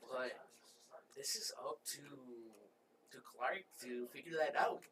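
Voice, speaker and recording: A man's voice: medium pitch, lively intonation, slow pace, fairly bright tone. A man giving color commentary on a competitive video game match, explaining tactics and repeating points. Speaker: esports analyst. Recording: distant mic with faint hiss.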